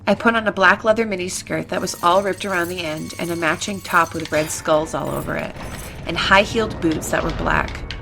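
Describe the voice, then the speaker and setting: A young woman reading fan fiction aloud for laughs, with animated, giggly narration. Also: fairly low pitch, moderate pace, vocal fry, over music. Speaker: reader. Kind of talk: comedic fanfiction reading.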